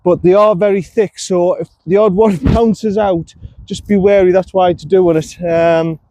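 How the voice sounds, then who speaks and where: A man's voice: high voice, fairly even intonation, a little slow, mellow, dry recording. A man, chatting casually to the camera as he plays a round of golf outdoors and coaches himself between shots. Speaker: golf vlogger. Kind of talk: casual on-course commentary.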